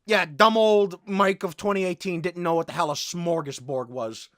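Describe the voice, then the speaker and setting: A man's voice: high voice, moderate pace, a bit bright, dry recording, studio quality. A man casually commenting on his own old video, rambling and self-deprecating with lots of filler words. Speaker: commentary host.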